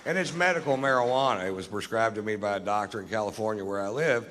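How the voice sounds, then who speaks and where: A man doing a stand-up set, telling a long story in a drawling, deadpan, profane way. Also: fairly low pitch, fast talker, long reverb tail, background noise. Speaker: stand-up comedian. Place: comedy stage.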